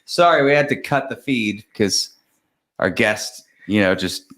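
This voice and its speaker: A man's voice: on the low side, a little slow. A man co-hosting a podcast, giving a casual movie review with lots of laughter and jokes. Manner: laughing, jokey, animated retelling. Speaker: podcast co-host.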